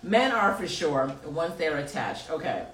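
A woman's voice: sits low, very animated, a little slow, a loud crowd. Laughing slangy woman host, echoey and distant. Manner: laughing, teasing, loose slangy delivery. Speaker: podcast host reading live chat. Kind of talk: casual chat. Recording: roomy echo, distant mic, faint noise.

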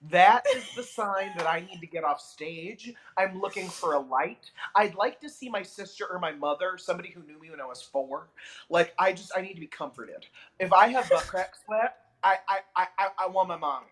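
A man, a comedian, chatting as a podcast guest and telling stories in an animated, expressive way. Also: high voice, normal speed. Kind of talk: casual chat.

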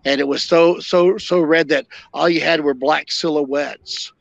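An older man, a podcast guest and former fire captain, telling long stories in a halting way with many fillers and restarts. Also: on the high side, fairly even intonation, vocal fry, dry recording. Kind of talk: storytelling interview. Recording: dull lo-fi dry sound.

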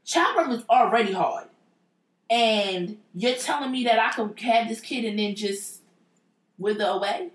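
A woman's voice: on the high side, measured pace. A woman telling a personal story in a blunt, profane and emphatic casual way. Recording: roomy echo.

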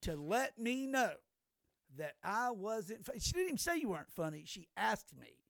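A man's voice: high-pitched, big pitch swings, normal speed, creaky, fairly bright tone. An older man co-hosting a podcast, telling stories in a rambling, profane way with many restarts. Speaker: podcast co-host. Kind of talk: casual chat.

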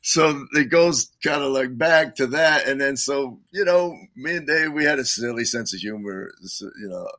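An older man, a musician guest, telling rambling stories in casual talk, full of "you know" and quick laughs. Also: medium pitch, bright, forceful tone, dry recording. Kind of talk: casual storytelling.

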